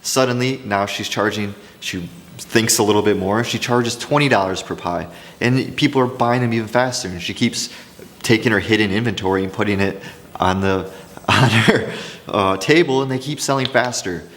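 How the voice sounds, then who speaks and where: A man's voice: lowish voice, moderate pace. Rambling man in a reverberant room. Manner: rambling, restarts often, animated storytelling. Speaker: craft business coach. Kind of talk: casual talk to camera.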